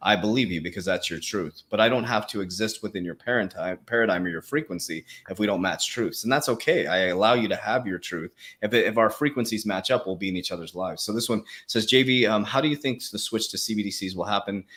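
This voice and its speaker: Fast-talking, slangy male livestream host. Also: fairly low pitch. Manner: fast, animated, slangy, quick laughs. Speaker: crypto coach, livestream host. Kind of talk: casual livestream chat.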